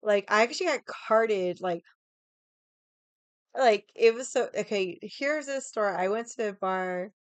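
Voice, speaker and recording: A woman's voice: mid-range voice, measured pace, clean tone, no room sound. A young adult woman streamer chatting casually with her viewers, rambling and swearing often. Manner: rambling, swears a lot, many likes.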